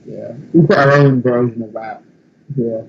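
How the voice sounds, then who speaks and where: A man's voice: mid-range voice, steady tone, moderate pace, gravelly, slightly rough. A young man with an English accent chatting casually on a podcast, rambling and swearing with lots of fillers. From England. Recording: dull lo-fi recording.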